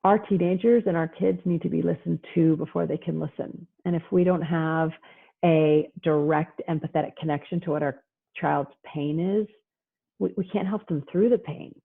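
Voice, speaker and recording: A woman psychologist giving a lively parenting talk, animated and mimicking parents and kids as she goes, heard over a video call. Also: low-pitched, moderate pace, vocal fry, breathy edge. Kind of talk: lively lecture with acted-out quotes. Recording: tinny phone-like audio.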